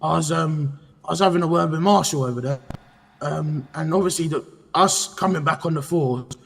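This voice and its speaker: A man playing a gravelly street cop. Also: on the high side, moderate pace, long reverb tail. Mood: defensive. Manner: rambling, ends every phrase with "mate". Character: brash, chatty male street cop. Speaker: police officer character. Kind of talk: game role-play.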